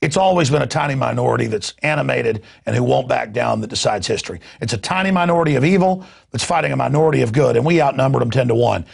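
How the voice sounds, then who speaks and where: Middle-aged male talk host, husky rasp, stammering, fired-up delivery. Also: medium pitch, quick pace, hardly any pauses. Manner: impassioned, indignant, stammering repeats. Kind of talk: heated talk radio rant.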